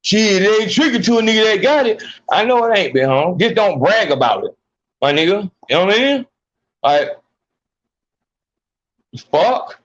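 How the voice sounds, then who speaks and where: A man's voice: sits high, sing-song, normal speed, long pauses, a bit bright, muffled recording. A man hosting a podcast, ranting bluntly with heavy slang and swearing. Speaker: podcast host. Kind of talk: profane ranting commentary.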